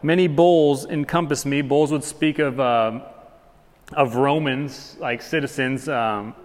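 A man preaching a sermon as pastor, reading scripture aloud and speaking with animated, rising intensity. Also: medium pitch, slow. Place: church sanctuary. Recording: long hall reverb.

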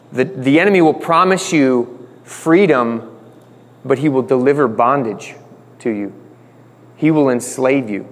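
Male pastor, slightly high voice, relaxed joking sermon delivery, long hall reverb. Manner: conversational, joking, acts out quotes.

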